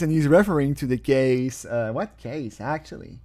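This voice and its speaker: A man's voice: on the high side, very animated, a little slow, a little mellow, dry recording, studio quality. A man who is not a native English speaker, giving casual, sarcastic commentary, often breaking into mocking laughter.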